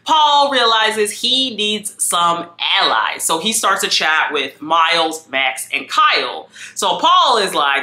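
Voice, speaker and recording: Chatty animated woman recapping. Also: lowish voice, takes it slowly, hardly any pauses, echoey room. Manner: chatty, animated, quoting people in exaggerated voices. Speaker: vlogger recapping a reality show. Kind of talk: casual recap chat.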